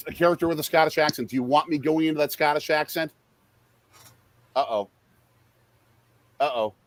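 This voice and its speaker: A middle-aged man hosting a casual live-stream chat, a father who talks through a baseball game with quick excitable outbursts. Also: a little high. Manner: animated, excitable, jumps into loud outbursts. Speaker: podcast host and father.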